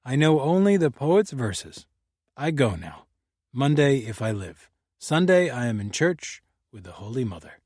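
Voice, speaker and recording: A man's voice: medium pitch, very animated, measured pace, darkish tone, slightly rough, no room sound, studio quality. A man voicing an enigmatic older friend who speaks in solemn, formal riddles.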